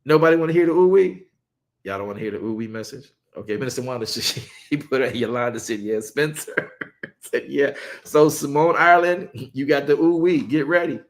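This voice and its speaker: Male pastor, animated livestream preacher, repeats words, playful asides, mid-pitched voice. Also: a little fast. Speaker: pastor leading online Sabbath study. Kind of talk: lively sermon and livestream chat.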